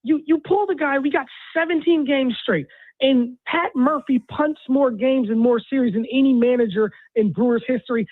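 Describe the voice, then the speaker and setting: A caller with an extremely high-pitched voice phones into sports radio for a heated, exasperated rant. The tinny phone audio has no echo.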